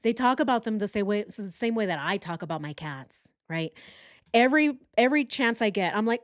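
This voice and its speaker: A woman's voice: mid-range voice, animated, a little fast, no room sound, clean studio sound. A woman hosting a true crime live stream, talking casually and mocking the people she quotes in put-on voices. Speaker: true crime show host.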